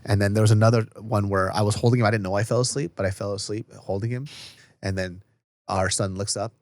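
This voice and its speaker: A man co-hosting a podcast in casual chat, earnest and profane, going low and quiet when he gets sentimental. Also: steady tone, quick pace, dry recording. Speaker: podcast co-host.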